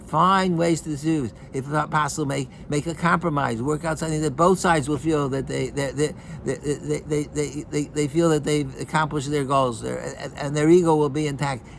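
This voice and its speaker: Gravelly rabbi giving a halting sermon. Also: male voice, slight background noise. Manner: halting, many repeated words and restarts; acts out quoted voices with rising pitch.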